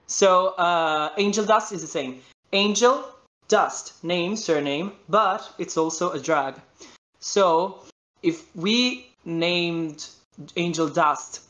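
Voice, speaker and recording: A man's voice: sits high, a bit bright. A man from Italy with an Italian accent, a voice actor guest in a casual interview, talking animatedly and often searching for the right English word.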